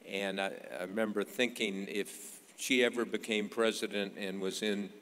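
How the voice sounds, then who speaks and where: A man's voice: fairly low pitch, fairly even intonation, moderate pace, a bit bright. An older man telling a story to an audience with dry humor, stopping often with fillers. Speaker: speaker telling an anecdote. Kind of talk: storytelling speech. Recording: long reverb of a large hall.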